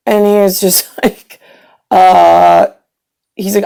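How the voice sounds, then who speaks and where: Woman vlogger, gravelly and mellow, bitter sarcastic rant with swearing. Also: lowish voice, steady tone, normal speed, long pauses. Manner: bitter, profane, sarcastic storytelling. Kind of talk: ranting personal monologue.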